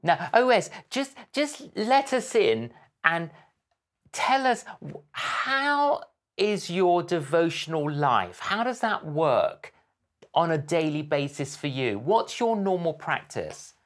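Unhurried older male interview host. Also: a little high, big pitch swings. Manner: measured, halting, with frequent fillers. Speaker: host, evangelist. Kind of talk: interview conversation.

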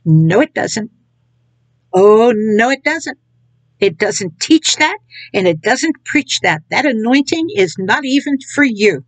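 Her medium-pitched voice is animated and a little slow as she delivers a casual sermon to an online audience. She sounds mocking throughout, laughing at what she describes and mimicking others' words scornfully. The recording is dry and of poor quality.

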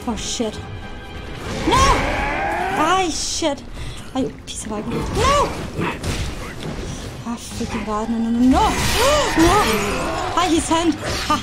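A woman streaming a video game, reacting excitably with shouts and swearing. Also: a little high, moderate pace, loud music behind the voice. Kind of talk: live gameplay reaction.

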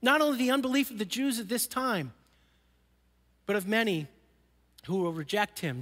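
A man preaching from the pulpit of a church, his voice sitting notably high for a man. He speaks earnestly and sinks into quiet, slowed lines when he wants a point to land. The sound rings out with a long hall reverb. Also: lively intonation. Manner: earnest, drops soft and slow for emphasis. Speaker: pastor. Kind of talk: sermon. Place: church sanctuary.

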